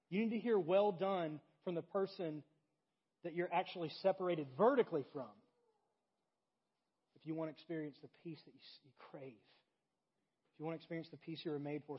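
A young adult man preaching a sermon, telling a story with big swings between loud animated moments and quiet intimate ones. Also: sits high, slightly rough, muffled recording. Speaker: pastor.

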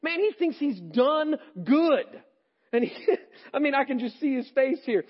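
A male pastor preaching a sermon, animated and swinging between loud and hushed delivery. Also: extremely high pitch, a little slow, dull audio.

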